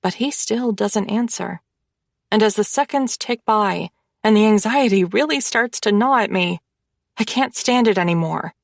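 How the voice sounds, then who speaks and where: A woman narrating a romance audiobook in the first person, with measured, intimate storytelling. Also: medium pitch, gravelly, no room sound, clean studio sound.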